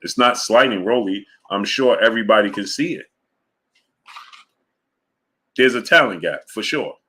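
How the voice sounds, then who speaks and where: A man hosting a live boxing talk stream, reading out super chats and greeting viewers by name between his points, getting louder and higher when he argues. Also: fairly quick. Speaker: boxing talk show host.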